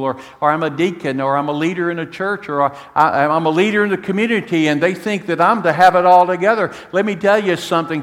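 A middle-aged male pastor preaching a sermon, animated and swinging from soft to loud, repeating himself and asking "amen?". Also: on the high side, long reverb tail. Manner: repeats words and restarts, asks the congregation "amen?". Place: church sanctuary.

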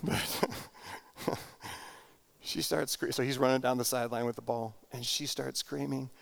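A middle-aged man, a pastor, preaching a sermon in an earnest, reflective way, slowing down for emphasis and often repeating words. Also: medium pitch, flat delivery, vocal fry, fairly bright tone.

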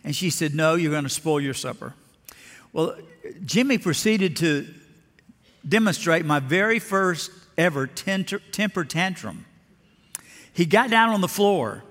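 An older pastor from Alabama preaching a sermon with a somewhat high voice. He tells homespun stories and acts out the voices in them, and a long reverb trails his words through the sanctuary. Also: animated, measured pace, pauses often, fairly bright tone. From Lower Alabama. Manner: folksy storytelling, acting out voices in stories.

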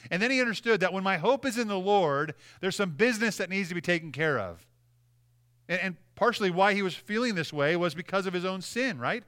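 A male pastor preaching with earnest conviction, his voice bright and pitched a little high. He often repeats a word as he starts a sentence. The tone stays clear and smooth throughout. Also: very animated, brisk. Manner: drops to a soft, low voice when praying. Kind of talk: sermon.

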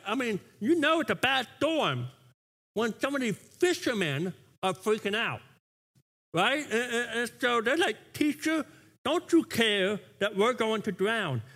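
A man preaching a sermon as pastor, animated and often restarting with repeated words. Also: high-pitched.

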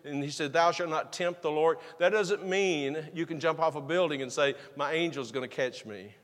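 A man's voice: a little high, moderate pace, a bit bright, long reverb tail. A man preaching a sermon, reading scripture and retelling it in a casual, folksy way. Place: church sanctuary.

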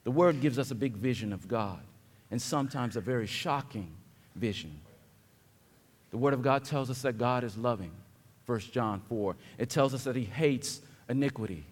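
A man preaching a sermon as pastor, dropping to quiet reflection and then building to loud, emphatic declarations. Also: medium pitch, animated, normal speed. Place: church sanctuary. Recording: long hall reverb.

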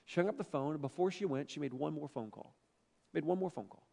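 A middle-aged male pastor telling a personal story in a sermon, animated and emphatic, repeating phrases for effect. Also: a little high, quick pace, gravelly, big-room sound.

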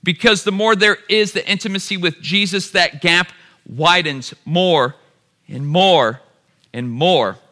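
A man's voice: high voice, measured pace, bright, forceful tone. A man preaching a sermon, calling the crowd "y'all" and building to emphatic repeated phrases.

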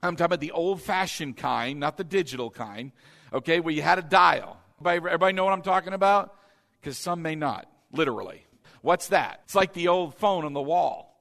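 Brief: male pastor, raised pitch, conversational sermon with call-and-response, long hall reverb. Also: fairly quick, gravelly, a bit bright.

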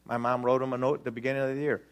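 A man in his sixties preaching a storytelling sermon, animated and acting out the dialogue while joking with the congregation. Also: medium pitch, rapid-fire, clear, resonant tone.

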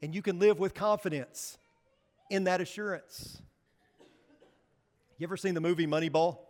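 A man's voice: high-pitched, normal speed, darkish tone, in a large hall. A man preaching a sermon to his congregation, earnest and building to emphatic urging. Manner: earnest, rising to emphatic exhortation. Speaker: pastor. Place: church sanctuary.

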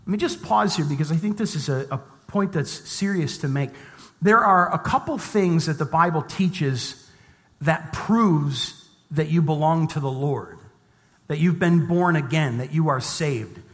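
A middle-aged man delivering a sermon from the pulpit, his voice sitting a touch high for a man. He shifts easily between reading scripture and telling light, self-deprecating stories in a chatty tone. The sound carries a long reverb from a large church hall. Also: animated, unhurried, a bit bright. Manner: conversational with humorous personal asides. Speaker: pastor. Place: church sanctuary.

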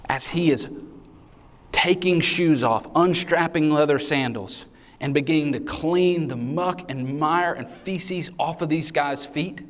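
Man preaching casually in a big hall. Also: on the high side. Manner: conversational preaching with casual asides and acted-out quotes. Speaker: pastor. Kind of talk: sermon. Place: large hall. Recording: reverberant hall sound.

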